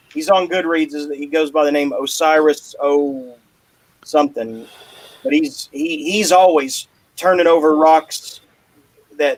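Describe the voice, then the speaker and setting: A man's voice: a little high, no echo, rough recording. A man hosting a podcast, rambling in casual chat and joking banter. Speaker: podcast host.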